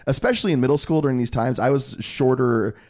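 A man's voice: mid-range voice, fast talker, darkish tone. A young man co-hosting a podcast, chatting casually and laughing often at himself as he tells stories. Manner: laughs often, self-deprecating storyteller. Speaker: podcast co-host. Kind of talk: casual chat.

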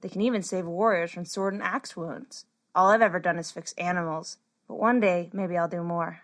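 A woman voicing a shy, kind young female healer apprentice, soft and gentle. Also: on the low side, fairly even intonation, normal speed, pitched below the performer's own voice, close to an everyday voice.

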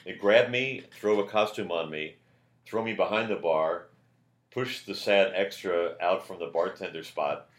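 A man, a comedian, telling a story in casual chat, loud and animated when he quotes people. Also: low-pitched, measured pace, reverberant. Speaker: comedian guest.

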